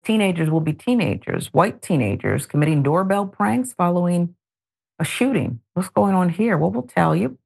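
A middle-aged woman hosting a news talk show, reading stories and adding pointed, animated commentary. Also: medium pitch, creaky, slightly rough. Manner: animated, editorializing with pointed asides.

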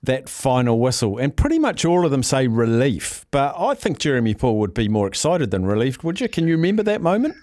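A man's voice: mid-range voice, big pitch swings, a little fast, few pauses, a little mellow, no echo, clean studio sound. A man hosting a sports radio show, introducing his co-host and putting listener questions to him, laughing along easily.

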